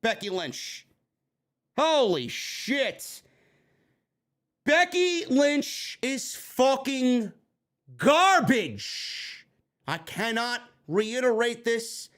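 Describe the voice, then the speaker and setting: A man's voice: extremely high pitch, fairly bright tone. A man reviewing a wrestling show in an angry, sarcastic rant full of swearing. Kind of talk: profane ranting show review.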